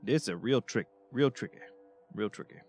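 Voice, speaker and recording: A man's voice: mid-range voice, lively intonation, normal speed, a little mellow, slight background noise. A man streaming a game, chatting in a drawling, folksy way and often exclaiming "Oh, Lord.". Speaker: streamer playing as a Louisiana bayou character. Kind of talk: casual gaming stream banter with put-on Cajun drawl.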